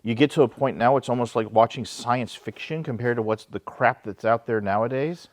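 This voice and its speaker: A man's voice: medium pitch, fairly quick, dry recording. A man hosting a casual film discussion, talking in a wry, joking way with frequent restarts. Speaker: host.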